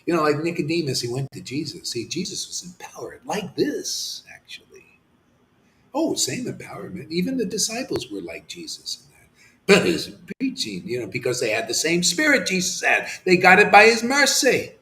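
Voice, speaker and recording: A man delivers a devotional sermon in a fairly high, bright, cutting voice. He lurches from fervent, almost shouted peaks to low, hushed asides, hammering his points home with repetition and slangy "man"s. The recording carries a noticeable roomy echo. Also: wildly swooping pitch, fairly quick, a little hiss or hum. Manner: swings between fervent near-shouts and hushed murmurs. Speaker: spiritual teacher.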